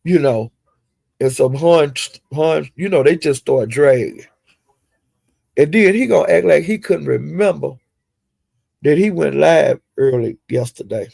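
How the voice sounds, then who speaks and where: A man giving a casual, rambling gossip recap of livestreams, with animated retelling and frequent asides. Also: fairly high pitch, a little slow, vocal fry, pauses often, breathy edge, dry recording.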